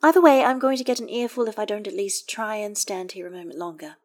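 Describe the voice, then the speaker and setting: A woman voicing a shy young woman with a sweet, quiet voice, reading fan fiction aloud. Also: mid-range voice, quick pace, voice pushed up, lightly acted. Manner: soft, gentle, quiet.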